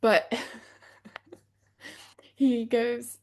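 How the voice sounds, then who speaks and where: A woman's voice: fairly high pitch, drawn-out words. A woman co-hosting a podcast, from the United States, telling stories in casual chat, acting out what others said and laughing often. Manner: animated storytelling, acting out quotes, laughing often. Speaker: podcast co-host.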